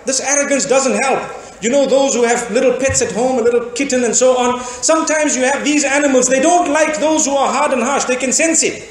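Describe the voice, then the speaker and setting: Animated high-voiced male preacher, echoey hall. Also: brisk. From Zimbabwe. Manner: animated storytelling with rhetorical questions. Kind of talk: sermon lecture.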